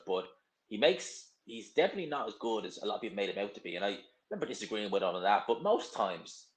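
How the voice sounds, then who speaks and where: Young male streamer, slightly low voice, loose and opinionated, chatting off the cuff; roomy echo on the recording. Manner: blunt, rambling and opinionated. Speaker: livestream host. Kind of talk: casual live stream chat, reading viewer comments.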